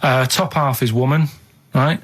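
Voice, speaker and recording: Man, thirties, deadpan, blunt, radio studio chat, mid pitch. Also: measured pace. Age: 30s. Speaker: radio show regular.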